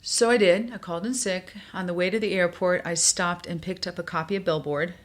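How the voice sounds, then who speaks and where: A woman's voice: on the low side, fairly quick. An older woman from New York, a guest in a podcast interview, telling stories and acting out the voices of the people she quotes. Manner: animated, acts out quoted voices.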